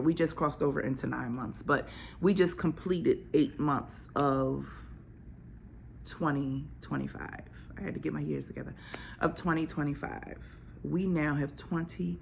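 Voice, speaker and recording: A woman's voice: low voice, creaky, a little mellow, slight background noise. A woman doctor, talking bluntly and emphatically in casual slang to her podcast audience. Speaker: OB-GYN physician and podcast host. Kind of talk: casual podcast talk on health.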